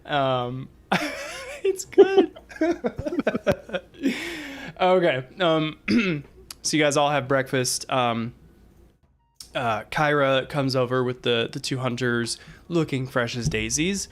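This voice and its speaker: A man's voice: mid-range voice, animated, slow pace, pauses often. A man narrating and running a tabletop game as dungeon master, chatty and giggly with many fillers.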